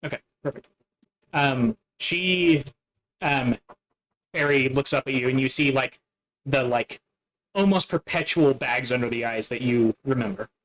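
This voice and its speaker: A man narrating a tabletop game as its game master, casual and halting, with many fillers. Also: medium pitch, fairly bright tone, poor audio.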